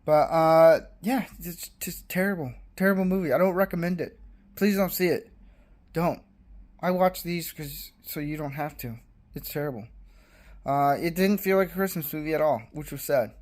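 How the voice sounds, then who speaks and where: A man's voice: fairly high pitch, moderate pace, darkish tone. A man giving a casual, blunt and dismissive movie review, rambling with fillers.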